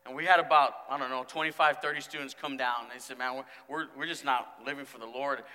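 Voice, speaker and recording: A man who is a student pastor, preaching a sermon and acting out stories, swinging from mumbled quotes to loud exclamations. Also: medium pitch, steady tone, fast. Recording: long hall reverb.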